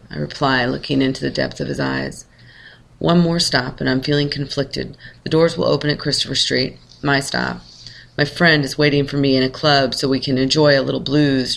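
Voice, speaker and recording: A man calmly reading a first-person short story aloud in a measured way. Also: medium pitch, creaky. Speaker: narrator.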